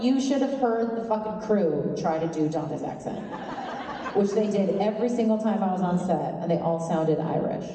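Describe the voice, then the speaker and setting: A woman from Canada, a guest on a convention panel, answering fans in a lively, laughing way and swearing freely. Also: lowish voice, moderate pace, background noise. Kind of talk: live fan Q&A. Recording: echoey convention hall from far off.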